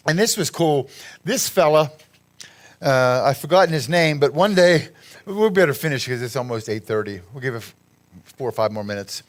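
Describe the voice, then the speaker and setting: A man's voice: fairly high pitch, animated, moderate pace, pauses often. A man giving a rambling, chatty talk over a slideshow, laughing at his own jokes. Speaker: guest speaker at a church gathering.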